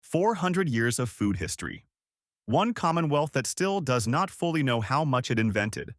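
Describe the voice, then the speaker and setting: A man giving scripted documentary narration in a measured, declarative way, with clipped short sentences. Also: mid-range voice, fairly bright tone, no room sound, studio quality.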